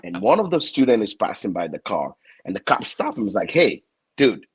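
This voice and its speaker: Lively husky man. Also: on the low side, a little fast, low-quality recording. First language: French. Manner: animated, stammering repeats, acts out other voices. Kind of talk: casual comic storytelling.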